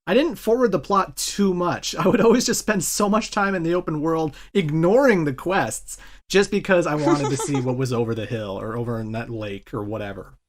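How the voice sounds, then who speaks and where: A man's voice: fairly high pitch, moderate pace, noisy background. Enthusiastic man rambling about games. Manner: enthusiastic, rambling gamer talk. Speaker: podcast co-host. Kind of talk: casual chat.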